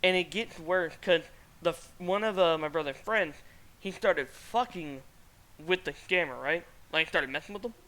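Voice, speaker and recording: A man's voice: fairly high pitch, moderate pace, sharp tone. A man hosting a casual streamed podcast, telling a rambling story with frequent laughter. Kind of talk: casual chat.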